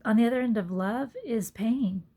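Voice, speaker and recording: Husky, mellow-voiced woman musing earnestly. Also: a little high, normal speed. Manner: earnest, soft-spoken, drops to whispered asides. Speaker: yoga teacher. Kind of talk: reflective personal monologue. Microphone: phone.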